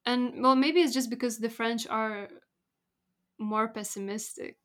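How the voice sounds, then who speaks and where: A young woman with a slightly raised pitch, talking in an easy conversation. She explains her ideas thoughtfully and keeps laughing as she speaks. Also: fairly even intonation, unhurried, fairly bright tone. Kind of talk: casual chat.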